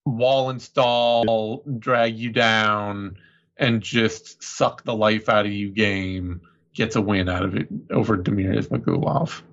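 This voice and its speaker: A man's voice: lowish voice, fairly even intonation, takes it slowly, a bit bright. A man co-hosting a podcast, chatting casually about fights and reading out betting odds. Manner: conversational, runs the betting odds. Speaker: podcast co-host. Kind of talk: casual sports chat. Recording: slightly dull lo-fi audio.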